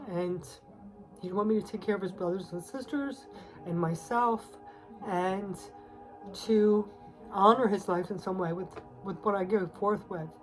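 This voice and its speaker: Teary and nearly crying, a woman reads tarot in a casual, confiding manner, sprinkling in soft laughs and many fillers. Her voice sits at medium pitch, and the audio is poor.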